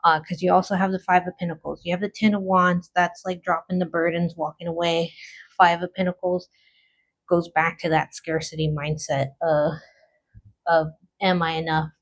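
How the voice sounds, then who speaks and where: A woman giving a casual tarot card reading, thinking aloud slowly with lots of fillers and pauses. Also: fairly low pitch, level tone, dull audio. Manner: slow, musing, thinking aloud with many fillers. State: has the hiccups.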